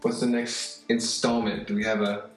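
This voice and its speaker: Laughing co-host in a roomy sound. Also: male voice, fairly low pitch, little pitch movement, moderate pace. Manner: laughs often, asks prompting questions. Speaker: podcast co-host and sous chef. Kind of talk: casual chat. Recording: roomy sound with faint music.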